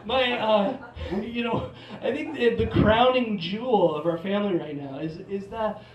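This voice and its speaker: A man's voice: sits high, normal speed, lo-fi sound, crowd noise. A man from Portland doing a stand-up comedy set, rambling and self-mocking with many restarts. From Portland, Oregon. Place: theater stage. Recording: live theater mic, roomy, from a distance.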